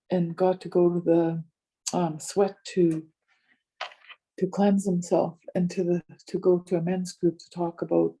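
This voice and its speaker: An older woman speaking as a community elder, recounting a story and acting out both sides of each conversation. Her voice is very mellow and dark, with a husky edge. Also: lowish voice. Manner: animated retelling with many quoted exchanges. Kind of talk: storytelling talk.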